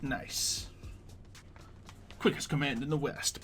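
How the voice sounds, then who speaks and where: Speaking slowly in a mid-range voice, a man talks to his stream chat while gaming, with music playing behind him. His relaxed patter wanders from one idea to another between tasks.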